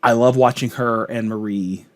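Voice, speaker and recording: A man's voice: mid-range voice, steady tone, normal speed. A man hosting a reaction video, chatting casually and enthusiastically about a sitcom episode, with frequent ums and restarts.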